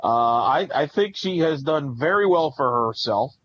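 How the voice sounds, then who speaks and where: A man's voice: a little high, lively intonation, unhurried. Man co-hosting a dull-sounding sports podcast. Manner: rambling analytical, lists stats. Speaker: podcast co-host. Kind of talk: casual sports talk.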